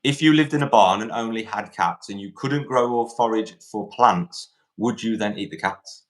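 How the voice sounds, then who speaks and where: A man's voice: lowish voice, moderate pace. A man hosting an online debate, asking pointed questions with frequent restarts. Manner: probing, repetitive questioning with restarts. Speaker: debate host.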